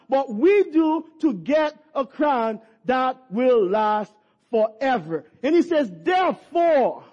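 A man preaching a sermon with passion, at times rising to shouts, repeating and stumbling over words. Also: very high-pitched. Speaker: pastor. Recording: dull lo-fi recording.

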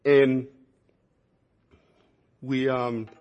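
A man's voice: medium pitch, level tone, drawn-out words, dull audio. A man preaching a sermon, telling folksy stories and repeating words for emphasis. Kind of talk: sermon with personal storytelling.

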